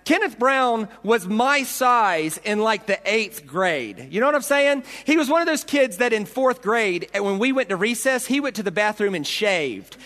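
A man's voice: high voice, big pitch swings, moderate pace, hardly any pauses, sharp tone. A man preaching a storytelling sermon, dramatic, acting out voices and punches. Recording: long hall reverb.

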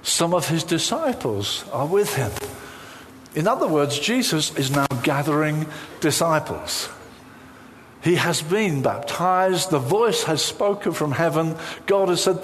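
A man preaching a sermon in an animated, humorous way, acting out the lines he quotes. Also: on the high side, unhurried, in a large hall, a little hiss or hum.

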